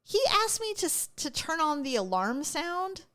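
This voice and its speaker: A woman co-hosting a podcast, telling funny stories in casual chat with her sister, full of jokes and quick asides. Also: sits high, big pitch swings, pushed and bright. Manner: chatty storyteller, joking, quick asides. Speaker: podcast co-host.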